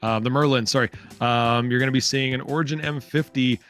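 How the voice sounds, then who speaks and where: A man calls an online spaceship race live in a chatty, upbeat way, piling in fillers as he reads out lap times. His voice sits at an ordinary pitch, with faint music playing behind him. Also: fairly even intonation, brisk, a bit bright. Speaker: race commentator. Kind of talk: live esports commentary.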